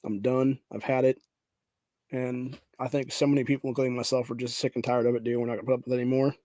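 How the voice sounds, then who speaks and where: A man's voice: mid-range voice, little pitch movement, fast, mellow, dry recording. A man hosting a political podcast, ranting angrily and profanely, often saying "dude", and reading headlines aloud. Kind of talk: angry political rant.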